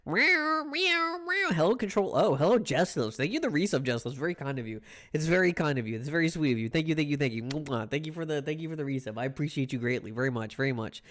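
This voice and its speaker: A man's voice: mid-range voice, fast talker. A man chatting casually on a live stream, playful and rambling, greeting his chat over and over.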